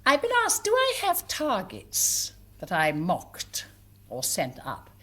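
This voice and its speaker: A woman's voice: lowish voice, huge pitch swings, takes it slowly, fairly bright tone. Older woman entertainer telling stage anecdotes. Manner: chatty and amused, with small hesitations. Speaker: stage entertainer and monologue writer. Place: live theatre before an audience.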